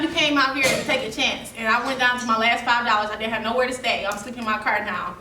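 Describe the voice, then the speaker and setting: Animated woman telling her story. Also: on the high side, quick pace, hardly any pauses, background noise. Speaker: seminar speaker. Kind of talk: storytelling talk to a youth audience. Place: seminar room. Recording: echoey room, mic from a distance.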